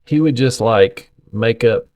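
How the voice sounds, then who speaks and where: A middle-aged man, telling animated, folksy stories as a podcast co-host in casual chat. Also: mid-range voice, slow pace.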